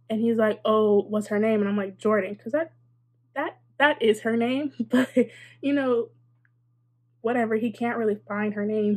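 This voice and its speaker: Chatty young woman with a husky voice. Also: on the high side. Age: young adult. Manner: chatty and sarcastic, many likes and asides. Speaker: vlogger. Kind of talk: casual storytime.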